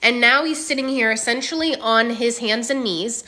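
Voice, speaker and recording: A woman coach hosting a casual interview, chatty and frank with quick asides. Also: on the high side, pushed and bright. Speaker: manifestation coach, host.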